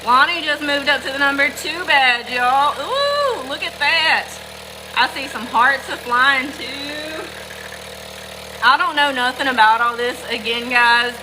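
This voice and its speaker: Chatty Southern woman, high voice. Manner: chatty, greets viewers by name, folksy. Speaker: livestream host. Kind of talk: casual livestream chat. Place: farm, milking goats. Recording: noisy with machine hum. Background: milking machine running.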